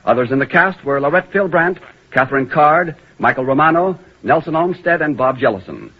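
A man giving the closing credits as an old radio announcer. His voice sits somewhat high with a lively, lilting rise and fall and a slight husk. The sound is muffled, as on an old broadcast. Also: moderate pace. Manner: crisp, formal, declamatory.

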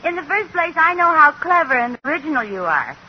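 Teasing sitcom housewife. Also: female voice, high-pitched, sing-song, a little fast. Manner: teasing and knowing. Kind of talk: 1940s radio acting. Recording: dull, hissy old radio recording.

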